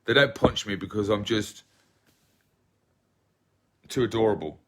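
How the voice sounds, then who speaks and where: A livestream host from England, with an English accent, chats casually with viewers in a lowish, fairly bright voice at an unhurried pace. He rambles and is self-deprecating.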